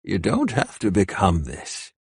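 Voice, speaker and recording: A man's voice: low-pitched, huge pitch swings, measured pace, breathy edge, dry recording, studio quality, full character voice. A man voicing a weary old male adviser who speaks cautiously and pleads with a younger man.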